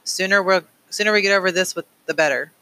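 A man reading an audiobook, voicing a steady, principled middle-aged father who speaks earnestly and firmly. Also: high-pitched, quick pace, voice pushed up. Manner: earnest, pleading, firm.

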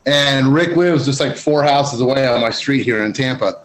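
A man's voice: medium pitch, moderate pace, low-quality recording. A middle-aged man, a guest cigar writer, chatting in a laid-back, slangy way and saying "man" often. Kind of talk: casual podcast chat.

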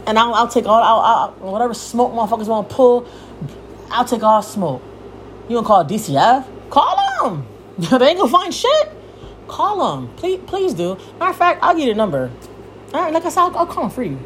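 Young woman, heated cursing rant, high voice, swings wildly up and down. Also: big pitch swings, brisk, slight background noise. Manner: heated, cursing freely, yelling at times. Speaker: podcast host. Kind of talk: profane rant.

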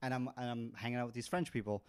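A man from North America, around thirty, telling an embarrassing story on a podcast in a lively, joking way. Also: medium pitch, rapid-fire, clean tone, dry recording. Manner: animated, laughing storyteller. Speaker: podcast host. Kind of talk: casual storytelling.

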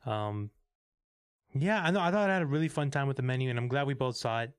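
A young man co-hosting a podcast, chatting casually about movies, animated and swearing, acting out scenes in quick bursts. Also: mid-range voice, clear, resonant tone, no echo, clean studio sound. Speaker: podcast co-host. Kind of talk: casual movie review chat.

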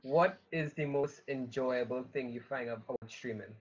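Friendly male podcast host, mid pitch, dull muffled call sound. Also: normal speed. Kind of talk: casual podcast interview.

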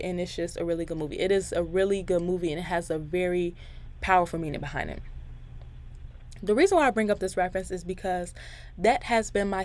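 Woman, 20s, podcast host; candid, chatty, encouraging, talks straight to the audience. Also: on the low side. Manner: chatty and candid, addresses listeners directly, laughs between thoughts; faith-filled, encouraging. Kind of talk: casual podcast monologue.

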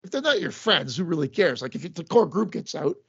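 A man's voice: a little high, sing-song, brisk, vocal fry, fairly bright tone, highs cut off, a little hiss or hum. A man co-hosting a casual movie review podcast, making wry, sarcastic quips. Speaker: podcast co-host.

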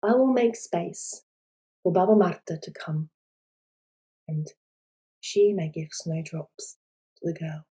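A man's voice: on the high side, takes it slowly, long pauses, mellow, slightly rough, pitched below the performer's own voice, exaggerated voice. A woman voicing February, a little old man who kindly makes room for spring in a storybook tale. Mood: mild. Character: small, obliging old male month spirit.

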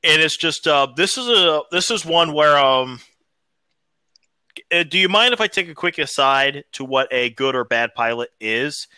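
A man's voice: on the high side, animated, a little slow, sharp tone, smooth, dry recording. A tipsy man co-hosting a podcast, talking in a wordy, hesitant, tangential way in casual chat. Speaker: podcast co-host.

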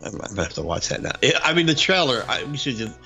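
A man's voice: medium pitch, very animated, rapid-fire, bright, forceful tone. A man in casual chat who talks animatedly and breaks into mock voices. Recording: dull lo-fi recording with faint music.

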